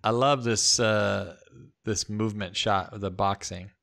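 Low-voiced man hosting an interview. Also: steady tone, a little slow, creaky, a bit bright. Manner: brief agreeing replies and easy comments. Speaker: host interviewer. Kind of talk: casual interview chat.

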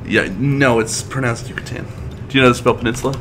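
A man's voice: medium pitch, steady tone, fast, noisy background. A man co-hosting a video game playthrough, bantering and joking in casual chat. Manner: jokey, playful banter. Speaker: let's play co-host.

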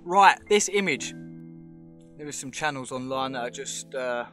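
A man's voice: medium pitch, expressive, normal speed, pushed and bright, faint music behind. An English man giving a casual, emphatic vlog commentary, talking straight to his viewers and calling them mate. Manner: chatty, emphatic, keeps saying "mate", talks straight to viewers. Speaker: vlogger.

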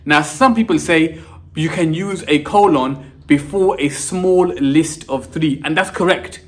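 A young man, a teacher, giving an energetic online lesson and saying "guys" in nearly every sentence. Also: fairly high pitch, a little slow. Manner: energetic, says "guys" constantly. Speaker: English teacher.

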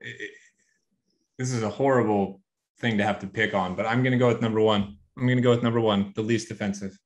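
A man's voice: fairly low pitch, fairly even intonation, fast. Male guest, frank and fed up, conversational. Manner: blunt, exasperated. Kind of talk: casual chat.

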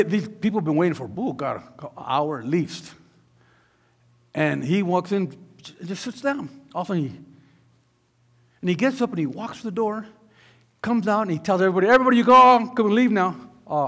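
Lively husky pastor preaching in a reverberant church. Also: male voice, sits high. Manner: animated storytelling with sound effects and asides. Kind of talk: sermon. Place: church sanctuary.

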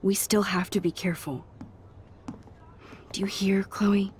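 Game role: actress voicing a cautious young student, soft, hesitant, very slow speech. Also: female voice, medium pitch, fairly even intonation, slight background noise, close to an everyday voice.

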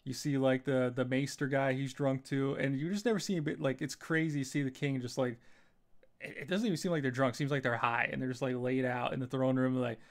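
A man's voice: medium pitch, fairly even intonation, fairly quick. A man giving a casual spoken review of a TV episode, rambling with lots of fillers. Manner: rambling, heavy with fillers like "you know" and "like".

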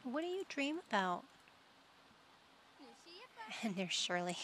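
A woman's voice: on the high side, big pitch swings, slow pace, fairly bright tone, a little hiss or hum. A young adult woman casually commenting on her gameplay, cooing and doting as she talks to the pets in her game. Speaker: gaming channel host.

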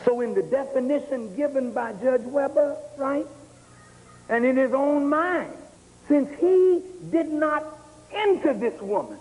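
Male speaker, raised pitch, slow emphatic points, reverberant auditorium. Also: expressive, a little mellow. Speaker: speaker at a public address. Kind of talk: public speech. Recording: long hall reverb on archive recording.

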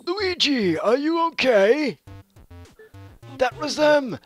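A man's voice: extremely high pitch, very animated, slow pace, soft background music, voice pushed up, heavily acted. A man voicing an eccentric old male scientist, reading a game's dialogue in a fussy, folksy old-timer way. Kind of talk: game dialogue read aloud.

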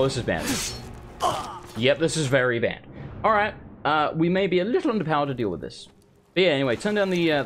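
A man, streaming a live let's play with excitable, sweary commentary and jumpy reactions to the game. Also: on the high side. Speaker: gaming streamer.

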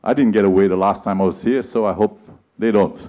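A man's voice: on the low side, steady tone, fast, slight background noise. A man who is a city councillor, giving an earnest opening address to an audience with a touch of humor. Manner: earnest, speech-like with gentle humor.

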